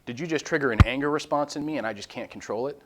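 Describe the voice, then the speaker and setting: A man teaching a small church group in a loose, conversational way at a middling pitch. He is animated and candid, pokes fun at himself, and slips into little acted-out voices to make his point. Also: rapid-fire, noisy background. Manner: animated, acts out quoted voices and prayers; candid and self-deprecating. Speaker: small-group Bible study leader.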